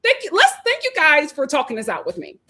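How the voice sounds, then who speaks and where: A woman hosting a casual livestream, reading viewer comments aloud, animated and laughing often as she talks. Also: high voice, fairly quick. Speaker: host of a reality TV review livestream.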